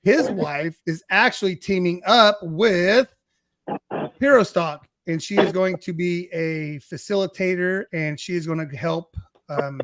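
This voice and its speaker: A middle-aged man hosts a casual livestream show over a video call. His voice sits a little high, and he rambles, apologizes and restarts his sentences often. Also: a little slow, fairly bright tone, dry recording. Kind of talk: casual chat.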